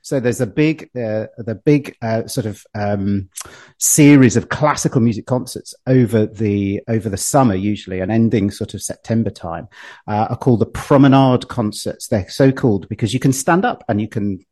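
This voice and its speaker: Wry man, husky voice. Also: fairly low pitch, normal speed, warm tone. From Britain. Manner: wry, dry remarks. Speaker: podcast co-host. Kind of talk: casual podcast chat.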